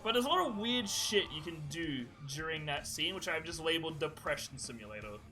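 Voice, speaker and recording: Podcast co-host, man, high voice, rambling and profane, music bed behind. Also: lively intonation, a little fast, rough recording. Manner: rambling, swears often, laughs while telling stories. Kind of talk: casual chat.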